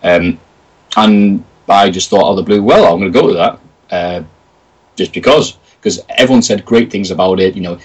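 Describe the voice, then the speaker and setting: British guy rambling funny stories, kinda husky, sounds far off the mic. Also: low voice, normal speed. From Britain. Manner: chatty, jokey storyteller acting out quotes. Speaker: interview guest, video creator. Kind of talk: casual interview chat.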